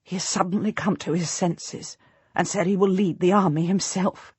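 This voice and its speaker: A woman's voice: on the low side, steady tone, moderate pace, slightly rough, dry recording. A woman reading the lines of an eager, urging warrior queen in an audiobook. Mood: joyful. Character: jubilant warrior queen, middle-aged woman.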